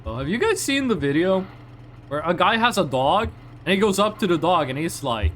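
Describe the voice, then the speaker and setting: A young man chats with his stream audience in a loose, rambling way and often trips over his sentences. His voice sits high and swings widely in pitch. A faint noise runs underneath. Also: very animated, brisk, a bit bright. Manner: rambling, chatty, reacting to chat with frequent restarts. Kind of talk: casual live-stream chat.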